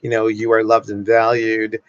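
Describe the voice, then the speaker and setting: A man's voice: lowish voice, completely flat delivery, normal speed, clean tone, no echo, lo-fi sound. A man hosting a casual live chat, affectionate and reassuring, calling his guest honey. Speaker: host.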